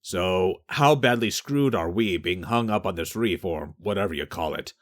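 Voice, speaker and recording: Narrator guy doing a dopey deadpan sergeant, low and quiet. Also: moderate pace, lightly acted. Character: dim, literal-minded male army sergeant, deadpan.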